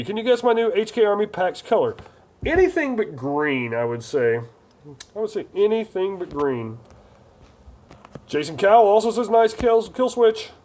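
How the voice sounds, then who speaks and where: Man, live stream host, casual chat, reads comments aloud, jokey, a bit high-pitched. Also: a little mellow.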